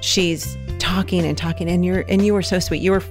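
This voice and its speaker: A woman's voice: on the low side, fairly even intonation, brisk, over music. A woman in her thirties hosting a podcast, chatting fondly with her daughter and laughing often. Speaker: podcast host. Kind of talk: casual podcast chat.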